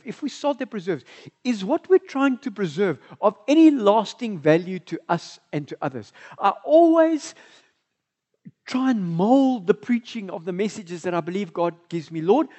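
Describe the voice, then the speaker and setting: Animated South African pastor preaching. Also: male voice, high voice. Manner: animated, engaging the congregation with questions. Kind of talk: bilingual sermon. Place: church.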